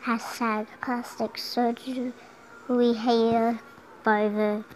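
Chatty, high-voiced girl playing a game. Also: little pitch movement, slow pace, slight background noise, poor audio. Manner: chatty, giggly, sings and hums along. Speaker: gameplay commentator. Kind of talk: casual gameplay commentary. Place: home room.

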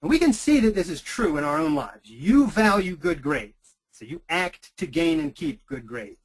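Animated man giving an online lecture. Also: on the high side, normal speed, breathy edge, poor audio. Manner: emphatic, repeats key phrases for stress. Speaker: webinar lecturer. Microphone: computer microphone.

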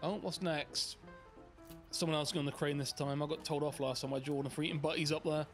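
A man's voice: on the high side, fairly even intonation, a little fast, soft background music. A young man bantering during a game, playful and a little whiny, laughing often. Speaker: co-player. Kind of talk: casual gaming banter.

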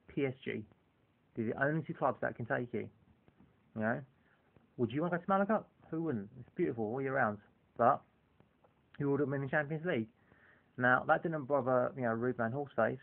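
A man rambles through a casual monologue, scattering "you know" through nearly every sentence. His mid-pitched voice has a gravelly, fry-laden edge. The sound is thin and tinny, like a phone line. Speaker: football fan vlogger.

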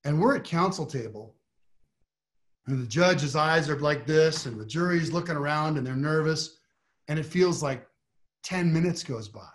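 A trial lawyer on a panel tells a story animatedly, often restarting his sentences and building to rising emphasis. His voice is a little high, and he speaks at a normal speed.

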